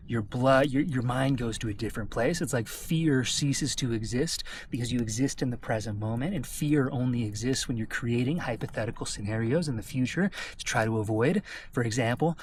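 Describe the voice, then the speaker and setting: An American man, a travel vlogger, telling a personal story to camera in an animated way and often checking in with his listeners. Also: mid-range voice, normal speed, slight background noise. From United States.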